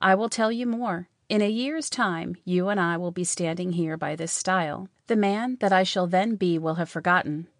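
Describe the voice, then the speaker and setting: A woman reading aloud and voicing a calm, teasing young man who claims to be a ghost. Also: on the low side, moderate pace, hardly any pauses, dry recording, studio quality, lightly acted.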